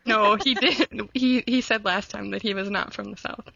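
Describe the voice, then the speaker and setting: A woman hosting a podcast in casual chat, bright and forward in tone with a gravelly edge. She giggles easily between lines. The sound is dull and lo-fi. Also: mid-range voice, steady tone, moderate pace, no echo. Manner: giggly, laughs often. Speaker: podcast host.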